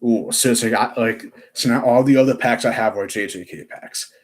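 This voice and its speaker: A man's voice: medium pitch, brisk. A young man chatting on a live stream, rambling with lots of fillers and restarts. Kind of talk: casual live-stream chat.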